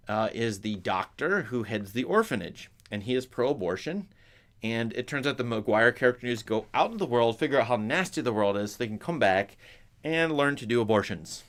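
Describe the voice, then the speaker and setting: A man's voice: mid-range voice, fairly bright tone. A man chatting casually to his viewers as a film commentator, rambling with restarts and asides.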